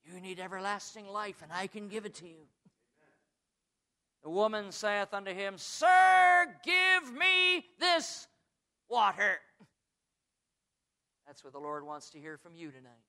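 Preaching a sermon, this man moves from hushed asides to loud, high-pitched, drawn-out emphasis, and he says he is from the United States.

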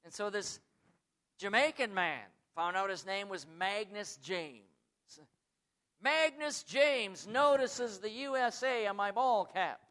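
A man preaching a sermon, swinging from quiet asides to loud, high, drawn-out emphasis, who says he is from the United States. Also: lively intonation.

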